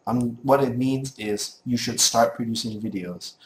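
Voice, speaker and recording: A man's voice: mid-range voice, measured pace, reverberant, slight background noise. A man with a Singaporean accent giving frank, encouraging critiques to new game casters, often repeating himself. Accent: Singaporean English. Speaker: casting coach.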